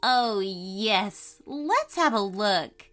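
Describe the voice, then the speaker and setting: A woman voicing an excited young girl exploring, speaking with eager, breathless wonder. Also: medium pitch, extremely slow, faint music behind, heavily acted.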